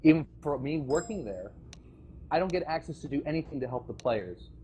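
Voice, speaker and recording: A man's voice: on the high side, expressive, fairly quick, warm tone, slight background noise. A man giving an impassioned, rambling voice-chat speech to players about the game server community he left, full of restarts and nervous laughs. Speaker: former game server staff member addressing players. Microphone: voice chat microphone.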